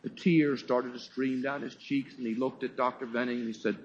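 A male preacher delivering a sermon at a church service, telling a story dramatically and swinging from loud exclaims to hushed words. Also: mid-range voice, little pitch movement, normal speed, hardly any pauses. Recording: dull lo-fi sermon recording.

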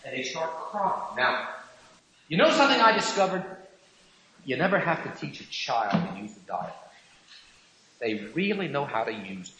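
A man's voice: medium pitch, big pitch swings, moderate pace, pauses often, bright, forceful tone, a little hiss or hum. A man preaching a sermon, emphatic and full of rhetorical questions, mimicking irritated husbands. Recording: echoey hall reverb, cassette recording.

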